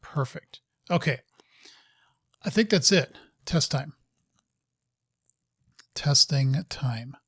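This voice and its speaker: A man's voice: mid-range voice, animated, very slow, long pauses, a bit bright, slightly rough, no echo, studio quality. A man hosting a live coding session, thinking aloud as he works, muttering to himself and scolding his code with casual, self-mocking asides.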